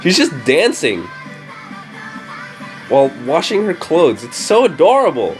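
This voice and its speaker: A man's voice: on the high side, huge pitch swings, measured pace, faint music behind. A man giving casual, profane reaction commentary while watching an anime episode, often exasperated and sarcastic.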